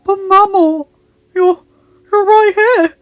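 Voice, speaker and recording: A frantic young beast prince who pleads and cries out in a high, strained voice, as a woman reads him in a storybook. The sound is slightly dull and muffled. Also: fairly even intonation, takes it slowly, dry recording. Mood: desperate.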